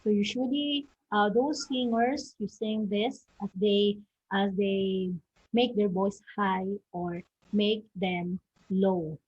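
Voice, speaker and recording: A woman teaches a recorded lesson, her voice husky and slightly breathy. She checks in with her students often, tagging points with "okay" and "no?". The audio is dull and lo-fi. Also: medium pitch, fairly even intonation, takes it slowly, a little mellow. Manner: frequent "okay" and "no?" tags, models example words and questions aloud.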